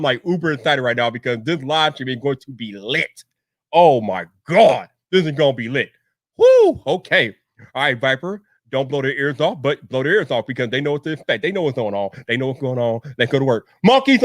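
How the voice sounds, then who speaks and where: A man hosting a tech live stream, hyping up his audience with repeated catchphrases and shouted greetings to viewers in the chat. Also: mid-range voice, fast talker, no echo, clean studio sound. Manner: energetic, repetitive hype with shouted catchphrases. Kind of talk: hyped live-stream banter.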